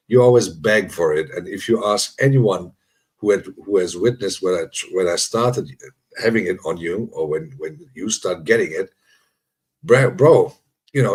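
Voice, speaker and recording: Husky-voiced man teasing his chat. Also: deep voice, darkish tone. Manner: teasing, laughs often, repeats himself. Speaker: livestream host. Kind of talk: casual chat with live viewers.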